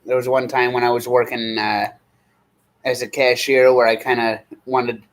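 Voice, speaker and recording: Man, 30s, relaxed streamer host, loose chatty delivery, medium voice. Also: mid-range voice, low-quality recording. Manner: rambling, easygoing, slow when reading names aloud. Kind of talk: casual live-stream chat.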